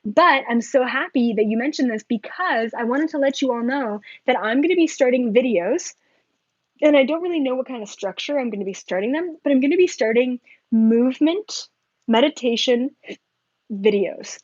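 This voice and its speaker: A woman with a fairly high voice rambles excitedly to her viewers, her talk full of filler likes and quick asides. The sound is dry and a little dull, with no room around it. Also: no echo. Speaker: spiritual vlogger. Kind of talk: casual monologue to viewers.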